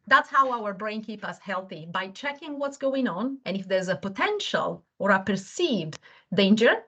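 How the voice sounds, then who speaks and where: A woman of middle pitch explains her ideas earnestly over a video call from home, searching for words now and then. English is not her first language. The call audio sounds a little dull and muffled. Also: pushed and bright. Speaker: webinar guest speaker. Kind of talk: explanatory talk.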